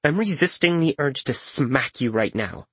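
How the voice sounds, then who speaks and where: A man's voice: medium pitch, expressive, moderate pace, breathy edge, no echo. A man voicing a blunt, exasperated young woman student in an audiobook.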